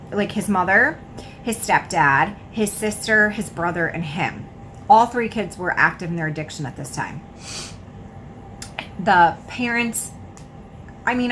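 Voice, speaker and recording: A woman's voice: mid-range voice, fairly bright tone. Woman, blunt casual storyteller, faint background noise. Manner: candid, swears freely, heavy use of "like". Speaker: recovery coach telling her story.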